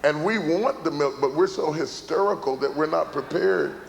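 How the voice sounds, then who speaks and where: A middle-aged man preaching a sermon as a pastor, repeating phrases for emphasis and building to shouts. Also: on the high side, normal speed, vocal fry, slight background noise. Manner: emphatic repetition, rising to shouts. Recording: large hall with live audience.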